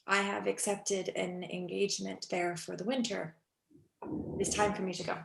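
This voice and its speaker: A woman reading the part of a weary, heartsick young actress in a cold reading over a video call, wistful and shifting between hushed and urgent. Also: mid-range voice, flat delivery, moderate pace, creaky. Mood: agitated. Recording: echoey room on a video call.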